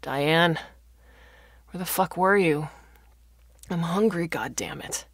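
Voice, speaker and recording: A woman voicing a confused, bedridden old father who shouts and curses. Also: a bass voice, very animated, measured pace, slightly rough, no room sound, heavily acted. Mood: raging. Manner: shouting, cursing.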